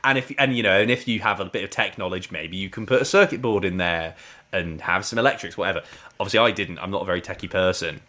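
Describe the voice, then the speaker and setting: A man's voice: sits low, fast, bright, forceful tone. A man co-hosting a podcast, chatting casually about a TV serial in a rambling way. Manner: rambling, chatty, with frequent "like" and laughs. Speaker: podcast co-host. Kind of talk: casual chat reviewing a TV serial.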